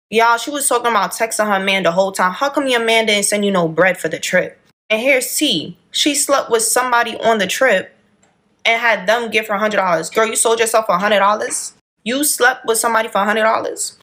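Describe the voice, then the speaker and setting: A young woman tells a story on her vlog in a lively, fired-up way, full of slang. Her voice sounds bright and sharp, and her pitch sits in a middle range for a woman. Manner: animated, heated retelling with slang. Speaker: vlogger.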